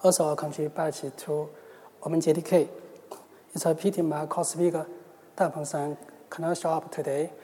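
A man from China, speaking English as a second language with a Chinese accent, giving a careful, measured technical talk at a conference. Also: fairly high pitch, flat delivery, warm tone. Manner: careful, measured delivery with small restarts. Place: large conference hall. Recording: long hall reverb.

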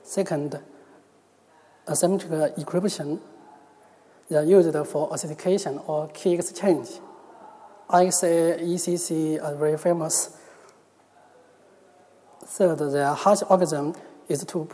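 A man from China, speaking English as a second language with a Chinese accent, giving a careful, measured technical talk at a conference. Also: fairly high pitch, fairly even intonation, dark tone. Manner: careful, measured delivery with small restarts. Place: large conference hall. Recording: long hall reverb.

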